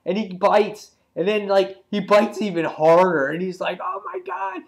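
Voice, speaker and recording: A man reviewing a comic book in casual talk, retelling scenes excitedly with many fillers and acting out the characters' lines. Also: high-pitched, moderate pace. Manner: loose and rambling, many fillers.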